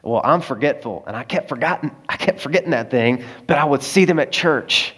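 A man's voice: medium pitch, lively intonation, a little fast, fairly bright tone, slightly rough. A man preaching a sermon in a conversational way, with personal stories and frequent asides to the congregation. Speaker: pastor.

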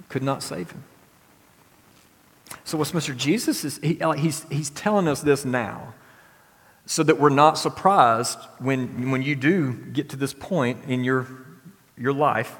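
A man's voice: medium pitch, in a large hall. A man preaching a sermon as pastor, talking casually with frequent restarts and filler words.

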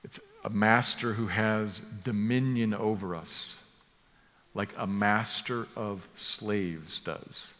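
Emphatic preacher in a reverberant hall. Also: male voice, on the low side, fairly even intonation, slow pace, bright, forceful tone. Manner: emphatic, explanatory, repeats key words for stress. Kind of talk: expository sermon.

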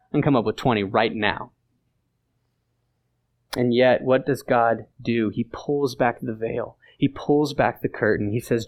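A man's voice: mid-range voice, unhurried, long pauses. A man preaching a sermon in an earnest, emphatic and conversational way, often repeating his phrases for weight. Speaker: pastor.

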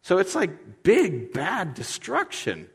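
A man preaching a sermon, lively and animated, acting out voices and mixing in self-deprecating humor. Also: high-pitched, slow, breathy edge. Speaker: pastor. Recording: long hall reverb.

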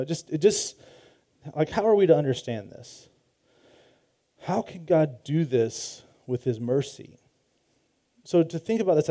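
A man's voice: a little high, warm tone. A man preaching a sermon, talking through scripture conversationally with fillers and restarts. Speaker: pastor.

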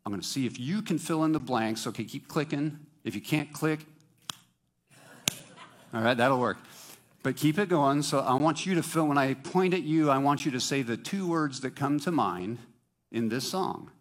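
A man preaching a sermon to his congregation, lively and joking with them, singing bits and asking the crowd questions. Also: mid-range voice, moderate pace. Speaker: pastor.

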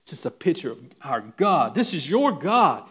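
A pastor preaching a sermon, swinging from quiet, hushed statements to loud, pleading questions to the congregation. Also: male voice, on the high side, very animated, moderate pace, breathy edge.

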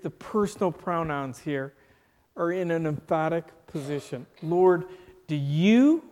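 Male preacher, sermon, unhurried and deliberate, with rhetorical questions; slightly high voice, long hall reverb. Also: a little mellow.

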